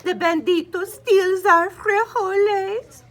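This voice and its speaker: A woman voicing an excitable, worried little male chihuahua in a children's storybook, with a dramatic, drawn-out delivery. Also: very high voice, voice pushed up, exaggerated voice.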